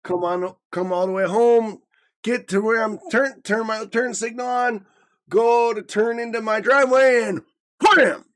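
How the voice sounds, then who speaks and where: A man's voice: very high-pitched, fairly even intonation, unhurried. A man in his thirties co-hosting a podcast, telling a story in a casual, profane way and acting out the people he quotes. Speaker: podcast co-host.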